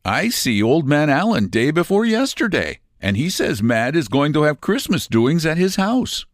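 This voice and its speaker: A man's voice: fairly high pitch, very animated, normal speed, dry recording, studio quality, pitched above the performer's own voice. A man voicing a plain-spoken male outlaw sidekick who scolds his partner in folksy speech. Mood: chiding.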